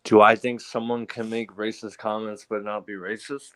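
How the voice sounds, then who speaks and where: A man calling into a casual talk show, easygoing and unhurried in his answers. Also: on the low side, level tone, fairly bright tone, dry recording. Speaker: guest caller. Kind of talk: casual live show chat.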